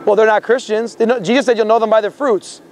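A male street preacher with a strikingly high-pitched voice, preaching outdoors on a campus. He talks fervently and confrontationally, stacking scripture quotes and stumbling into repeated words as he presses his point. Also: fairly even intonation, fast, a little hiss or hum. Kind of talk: confrontational open-air preaching.

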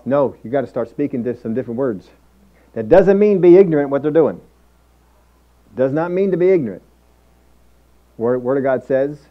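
A man's voice: medium pitch, animated, normal speed, pauses often, narrow, tinny audio. A man preaching a sermon as pastor, emphatic and repetitive, often acting out inner thoughts.

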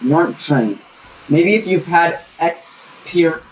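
A man's voice: on the high side, lively intonation, slow pace. A young man chatting with teammates while gaming, crude and joking, bickering and telling stories. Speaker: gamer streaming with friends. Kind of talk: casual party chat over gameplay. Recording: distant, dull lo-fi mic with faint hiss.

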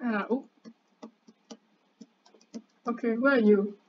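A young woman with a high, bright-pitched voice gives excitable commentary on a game while bossing a friend around and tossing in casual swears. Her voice comes through a dull, lo-fi mic with a faint hiss behind it. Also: takes it slowly. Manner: excitable, chatty, bossy banter. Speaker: gamer.

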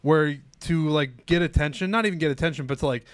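A man's voice: on the high side, fast talker, dry recording, soft background music. A young man who hosts a golf podcast, chatting casually and laid-back, often saying "dude" and swearing offhand. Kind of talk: casual chat.

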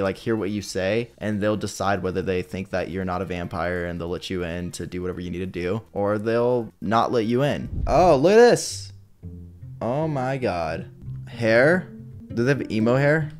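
A young man streaming a game live, talking casually, swearing and yelling when things surprise him. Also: sits low. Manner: excitable, swears a lot, yells when startled. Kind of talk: live-stream gaming commentary.

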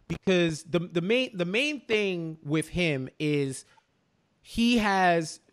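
A young man talks through a TV episode with a co-host, his pitch swinging up and down as he acts out the scenes. He starts over often and keeps a loose, casual pace. The delivery is lively and conversational. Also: slow, smooth. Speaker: podcast co-host. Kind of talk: casual chat.

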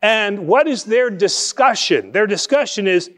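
A male pastor giving a conversational sermon, asking rhetorical questions and shifting between quick asides and slow, emphatic phrases. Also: sits high, lively intonation, a bit bright.

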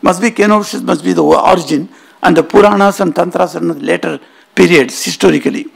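A man's voice: sits high, fast talker, gravelly, slightly rough. A man giving a spiritual lecture in an auditorium, telling stories emphatically and weaving in Sanskrit terms.

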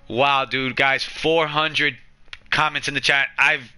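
A man streaming a video game live on a headset mic at home at night, excitable and emotional as he talks to his chat. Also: mid-range voice, takes it slowly, clear, resonant tone. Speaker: gaming streamer. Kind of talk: live gameplay stream commentary.

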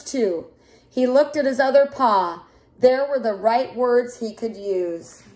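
A woman reading a children's picture book aloud in a clear, expressive way. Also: high-pitched. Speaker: storyteller.

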